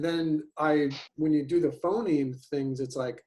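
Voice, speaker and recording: A man's voice: on the high side, fairly even intonation, dark tone. A man in his fifties who teaches animation, chatting casually on a video call and rambling with lots of ums and restarts. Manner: rambling, halting, many fillers.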